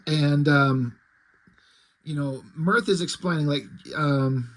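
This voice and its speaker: A man's voice: a little high, takes it slowly, a bit bright. A man casually recapping a comic book's plot, rambling with lots of "like" and restarts. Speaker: comic book reviewer.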